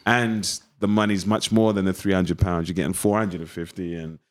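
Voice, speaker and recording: Low-voiced East London man telling his story. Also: normal speed. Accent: East London English. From East London, England. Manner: animated storyteller acting out past conversations. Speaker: actor guest. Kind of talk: interview storytelling.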